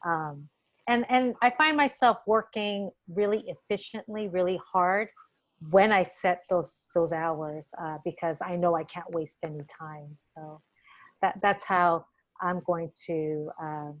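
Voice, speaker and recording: A woman's voice: on the low side, unhurried, poor audio. A woman teacher moderating a panel discussion over a video call, earnest and encouraging, often restarting her sentences.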